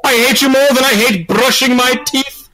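A man voicing a doting, unhinged cartoonish mother in a shrill, melodramatic improvised comedy voice. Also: moderate pace, noisy background. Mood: indignant. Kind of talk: improvised comedy voice in online chat.

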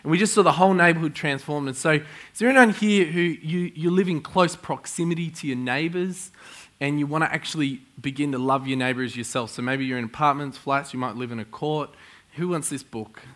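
A middle-aged man preaching a sermon to a congregation, telling stories with excitable energy and frequent chuckles. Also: fairly high pitch, a little fast. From Australia. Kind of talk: sermon with storytelling. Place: church in front of a congregation.

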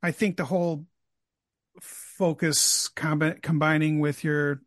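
A man hosting an interview, chatting casually with many quick asides and restarts. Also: a little high, little pitch movement, no room sound, studio quality. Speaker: podcast host, interviewer.

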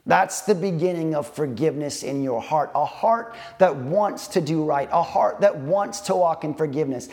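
A man preaching a sermon, earnest and slow, repeating phrases with emphatic pauses. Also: mid-range voice, a little mellow. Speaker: pastor.

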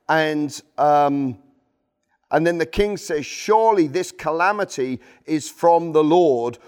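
A pastor preaching a Sunday sermon in church, reading scripture aloud with lively asides. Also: male voice, on the high side, smooth.

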